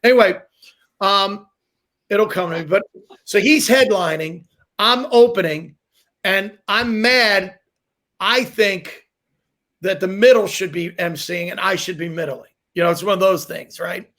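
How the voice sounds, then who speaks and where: Animated high-voiced male comic storyteller. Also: measured pace. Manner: rambling, animated anecdotes with laughter. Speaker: comedian telling stories. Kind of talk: casual storytelling chat.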